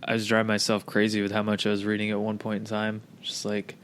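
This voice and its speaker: Laid-back, low-voiced male podcast host. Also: quick pace, slight background noise. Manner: relaxed, profane, laid-back. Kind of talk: casual interview chat.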